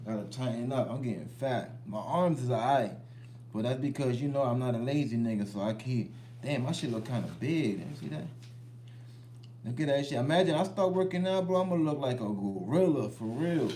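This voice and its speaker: A man's voice: mid-range voice, lively intonation, normal speed, warm tone, slight background noise. A young man with a slight Southern US accent, hosting a casual livestream chat in loose, rambling street slang. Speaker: livestream host.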